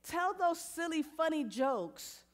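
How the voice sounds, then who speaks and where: A woman minister preaching in a high, light voice. She talks straight to her congregation in a lively, playful way and eases into a softer, slower guided meditation. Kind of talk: sermon.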